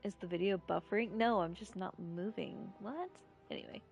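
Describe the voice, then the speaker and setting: Gravelly-voiced rural American woman streamer. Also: medium pitch, a little fast, muffled recording. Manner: rambling, giggly, irreverent. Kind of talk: casual live-stream chat. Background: faint game music.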